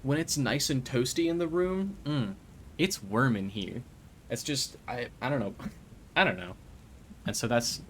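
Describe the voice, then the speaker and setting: A man streaming a video game, chatting casually in a rambling, joking way, stumbling over his words and breaking into loud excited bursts. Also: mid-range voice, a little hiss or hum.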